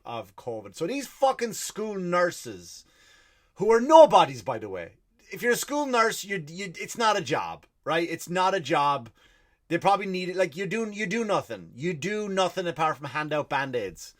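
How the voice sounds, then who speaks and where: Profane ranting podcast host. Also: male voice, on the high side, very animated, fairly quick. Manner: profane, exasperated storytelling. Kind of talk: ranting comic monologue.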